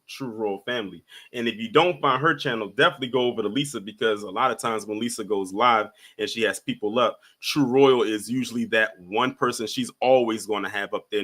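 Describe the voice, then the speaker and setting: A man's voice: lowish voice, sharp tone. A man hosting a casual live stream, calling up callers one by one and chatting in a laid-back way. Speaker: livestream host.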